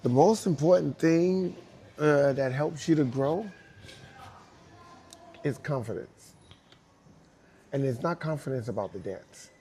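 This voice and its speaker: A man with a New York accent, speaking to young dancers and telling animated stories with repeated emphasis and acted-out quotes. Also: fairly high pitch, takes it slowly, pauses often, slight background noise. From United States. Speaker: guest dancer speaking to students. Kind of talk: casual storytelling talk.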